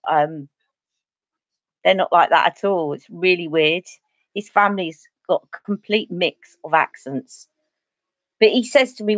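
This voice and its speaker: A woman's voice: medium pitch, fairly bright tone, no echo. A Cockney woman from East London, a beauty vlogger chatting casually and rambling through stories while doing her makeup on a livestream.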